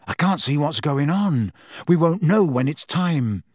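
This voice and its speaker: A man's voice: on the high side, lively intonation, a little slow, a little mellow, no echo, clean studio sound, pitched above the performer's own voice. A man reading as a determined teenage boy wizard. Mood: pleading.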